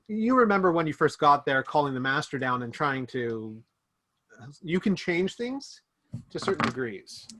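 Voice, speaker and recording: A man's voice: on the high side, fairly bright tone. Man narrating a tabletop game. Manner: slow, descriptive, brooding narration. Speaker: game master.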